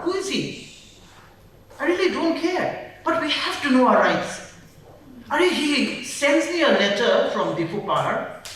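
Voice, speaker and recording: A woman's voice: on the high side, a bit bright. A woman from Nagaland, a human rights defender speaking emphatically and indignantly at a public panel, often repeating phrases. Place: large event hall. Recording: very echoey hall, mic far off.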